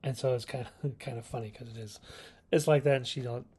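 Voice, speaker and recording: A man's voice: mid-range voice, steady tone, fast, a little mellow, breathy edge. A man hosting his own video channel, giving a casual, rambling review of a classic TV serial, often correcting himself and chuckling.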